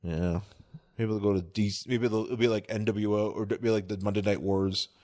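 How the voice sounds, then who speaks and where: A man's voice: fairly low pitch, steady tone, brisk, darkish tone. A man co-hosting a podcast in casual chat, rambling and joking, often laughing at his own riffs. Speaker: podcast co-host.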